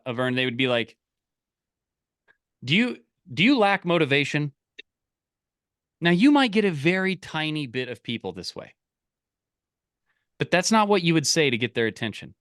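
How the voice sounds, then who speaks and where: A man coaching a live online group, energetic and full of restarts and repeated words. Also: mid-range voice, clean tone, no room sound, studio quality. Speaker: business coach.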